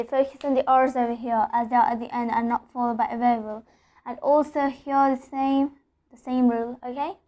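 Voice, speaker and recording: A woman teaching an online pronunciation lesson, explaining step by step, repeating example sentences and often checking in with a quick "okay?". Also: sits high, darkish tone.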